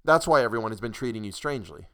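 A man's voice: lowish voice, animated, rapid-fire, pushed and bright, smooth. A man voicing an effusive, fatherly older boss who apologizes over and over. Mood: soothing. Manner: effusive, apologetic, repeats himself.

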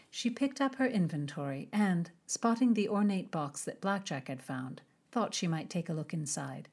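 Low-voiced woman narrating an audiobook. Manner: measured, expressive storytelling. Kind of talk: scripted narration of a historical romance.

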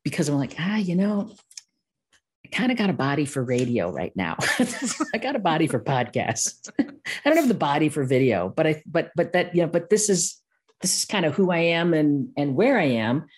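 A woman's voice: low voice, very animated, moderate pace, darkish tone, breathy edge. Chatty Midwestern woman, laughing often. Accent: Midwestern American. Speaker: guest, course-creation expert. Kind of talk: casual interview chat.

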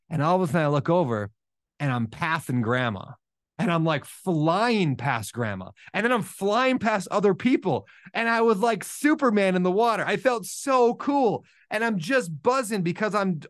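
A man telling a personal story in a casual, animated way, acting out his own thoughts as he goes. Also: high-pitched, moderate pace, no echo, studio quality. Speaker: podcast host.

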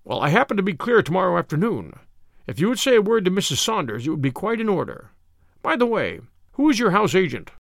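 A man giving voice to a shrewd detective, polite and probing, never hurried. The tone is gravelly and fairly high with lively turns, recorded dry and close. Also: dry recording, full character voice. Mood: courteous. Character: calm, shrewd male detective, courteous.

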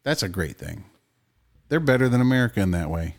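A low-pitched man co-hosting a relaxed podcast. He talks loosely and bluntly, swearing as he reads out and riffs on news stories. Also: a little fast. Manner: loose, profane, opinionated. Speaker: podcast co-host. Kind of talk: casual podcast chat.

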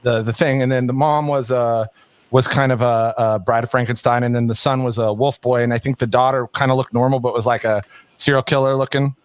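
A man's voice: medium pitch, steady tone, fairly quick, clear, resonant tone, no echo. A man co-hosting a casual chat, laid-back and rambling, laughing easily. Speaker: podcast co-host.

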